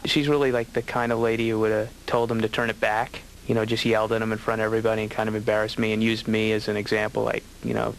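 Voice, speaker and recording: A man's voice: on the low side, monotone, fast, gravelly, hardly any pauses, a little hiss or hum, rough recording. Rambling, wry male comedian. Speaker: comedian patient. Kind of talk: stand-up monologue.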